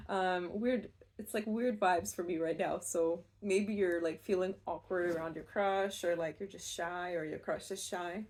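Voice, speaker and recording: A woman giving a casual pick-a-card tarot reading, chatty and rambling, with soft laughs and fillers. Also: mid-range voice, normal speed. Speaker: tarot reader.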